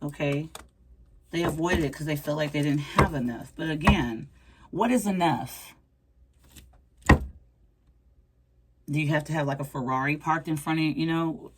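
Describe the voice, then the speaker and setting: Casual woman tarot reader, deep for her sex, teasing and chatty, over a noisy background. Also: a little slow, long pauses. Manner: playful, chatty, uses pet names.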